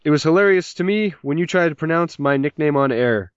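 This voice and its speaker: A man's voice: a little high, expressive, a little fast, clear, resonant tone, no echo. A man hosting a podcast, rambling from one joke to the next while he reads out listener messages. He mentions a mild migraine. The recording is dry and close, with a dull, lo-fi sound. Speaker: podcast host. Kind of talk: casual podcast chat.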